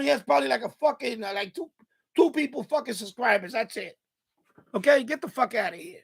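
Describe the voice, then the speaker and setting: A man's voice: extremely high pitch, expressive, fast talker, gravelly, slightly rough. A man hosting a live stream, ranting angrily and profanely at a viewer in the chat. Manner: angry, profane, repetitive rant.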